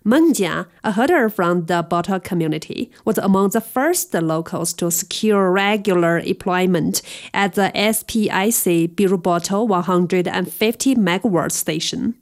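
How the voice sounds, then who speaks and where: A woman reading a scripted radio news report in an even, measured way. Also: lowish voice. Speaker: news reader.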